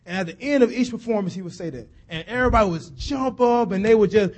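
Preacher, male, fairly high voice, rhythmic repetition that rises to shouts. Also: fast, few pauses. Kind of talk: sermon.

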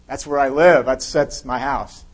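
A pastor doing an earnest shipwrecked castaway. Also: male voice, mid-range voice, fairly even intonation, measured pace, lightly acted. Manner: earnest, repeating himself.

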